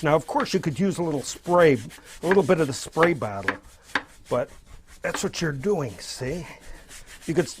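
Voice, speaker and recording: A man's voice: a little high, background noise. A man teaching abstract painting as he works, talking in a loose, encouraging, spontaneous way. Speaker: painting instructor. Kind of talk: casual painting demonstration.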